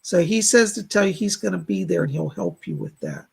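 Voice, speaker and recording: A man with a very gravelly, rough-edged voice hosts a live stream of psychic readings. He talks in a chatty way, full of fillers, as he passes along messages. His tone is husky rather than clean. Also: high voice, wildly swooping pitch, a little fast. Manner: chatty, relays spirit messages with many fillers. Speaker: psychic reader and host.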